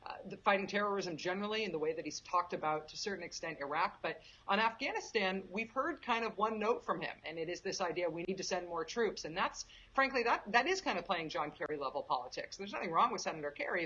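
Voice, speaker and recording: A woman guest giving conversational political commentary, articulate and quick, with easy laughs. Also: lowish voice, bright, forceful tone, slightly rough, highs cut off.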